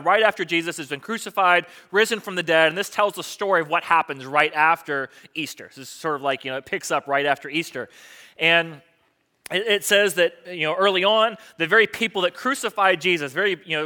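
A high-pitched male pastor preaches conversationally, swinging between hushed asides and emphatic declarations.

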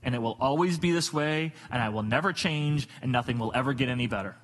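A man's voice: mid-range voice, fast talker, fairly bright tone, husky, rough recording. A man preaching a sermon as a pastor, emphatic and repetitive, asking rhetorical questions.

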